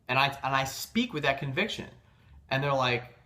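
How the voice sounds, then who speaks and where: A man with a bright, forward voice gives a motivational coaching talk on selling. He presses his points hard and insistently, while his phrasing stays loose, with fillers and restarts. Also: medium pitch, expressive, normal speed. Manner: emphatic, insistent about conviction. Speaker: sales coach.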